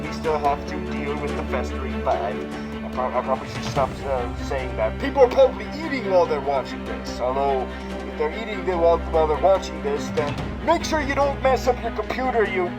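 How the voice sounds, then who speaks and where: A man's voice: fairly high pitch, low-quality recording. A man hosting a comic recap vlog, rambling and profane with many fillers and restarts. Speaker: comedy vlogger in villain persona.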